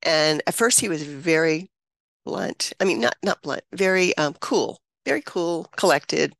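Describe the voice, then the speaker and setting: A woman's voice: low voice, a little slow, gravelly, dry recording. A woman in her seventies, a guest on an interview show, telling a personal story with emotion and frequent laughter. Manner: animated, laughs often, acts out quoted voices.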